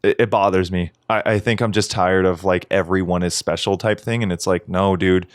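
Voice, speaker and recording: A man co-hosting a podcast in casual chat, animated and swearing freely, often mimicking others in a raised voice. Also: low-pitched, a little fast, no echo, clean studio sound. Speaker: podcast co-host.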